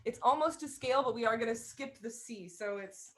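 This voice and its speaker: A woman's voice: a little high, fairly quick, over loud music. A woman teaching a live online fiddle lesson. She explains bowing step by step in an encouraging way and sings out the rhythms. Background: violin playing.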